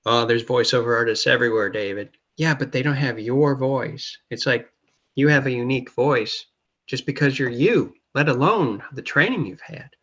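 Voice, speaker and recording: A man's voice: medium pitch, lively intonation, fairly bright tone, husky, muffled recording. A man hosting an interview, chatting casually and encouragingly, acting out little quotes as he goes. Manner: encouraging, speaks in quick bursts with acted-out quotes. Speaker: interview host.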